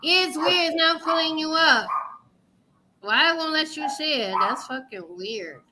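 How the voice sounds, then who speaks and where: A woman from New York hosting a casual livestream chat, loud and laughing with lots of swearing. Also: high voice, expressive, a little slow, noisy background. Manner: loud, laughing, profane banter. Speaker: livestream show host. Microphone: livestream setup, video call.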